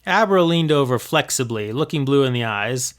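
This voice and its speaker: A man's voice: medium pitch, lively intonation, normal speed. A man reading his own old fanfiction aloud, expressively, acting out the voices.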